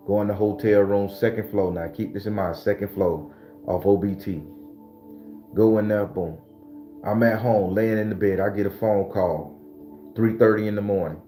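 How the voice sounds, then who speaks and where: Mellow-voiced man telling a story. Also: fairly low pitch, roomy sound. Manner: profane, animated, streetwise. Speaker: spiritual channel host. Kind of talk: casual storytelling.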